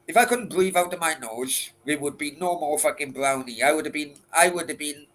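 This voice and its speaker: A man's voice: a little high, lively intonation, a little fast, fairly bright tone. A man hosting a late-night Q and A, chatting casually in a rambling, crude way full of swearing and restarts. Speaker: livestream host answering chat.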